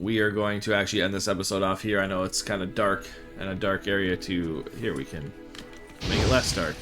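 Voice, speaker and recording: A man's voice: low-pitched, fairly bright tone. Easygoing man commenting on gameplay. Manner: rambling, easygoing, reads text aloud. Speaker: let's play host.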